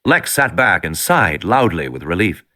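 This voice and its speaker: Lively bright-voiced male audiobook narrator. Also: deep voice, moderate pace. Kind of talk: scripted narration.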